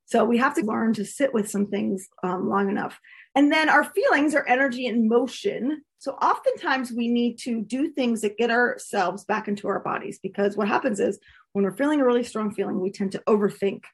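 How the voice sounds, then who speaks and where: A woman's voice: on the high side, normal speed, breathy edge. A woman coaching listeners in a casual, earnest, candid talk, laughing often. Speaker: coach teaching a course.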